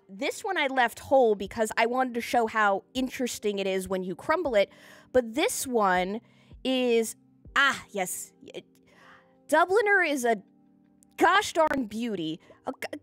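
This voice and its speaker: A woman live-streaming from home, chatting casually and excitably with her viewers, giggling often and gushing thanks into a desk microphone. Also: a little high, unhurried, no echo, soft background music.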